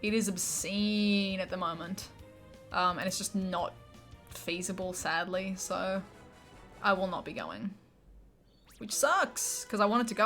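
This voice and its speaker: A woman's voice: medium pitch, unhurried, long pauses, a bit bright, soft background music. A young woman from Australia with an Australian accent, chatting casually and bubbly with her live chat while playing a game. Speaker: gaming streamer.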